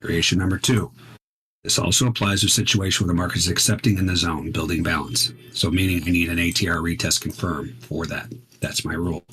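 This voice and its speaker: Deep yet fairly bright, the man's voice comes with slight background noise. Teaching futures while trading live, he speaks in a casual, emphatic way and keeps checking in with "right?"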